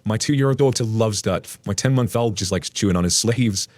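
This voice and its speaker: A man narrates and hosts a channel where he reads online stories out loud, adding blunt, casual remarks and the occasional swear word. His voice is fairly low and darkish in tone, delivered at a moderate pace with no echo.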